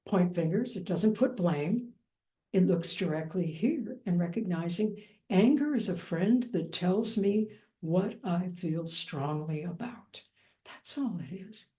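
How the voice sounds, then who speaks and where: A woman teaching Buddhist practice in a dharma talk, gentle and reflective with a light playful touch. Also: mid-range voice.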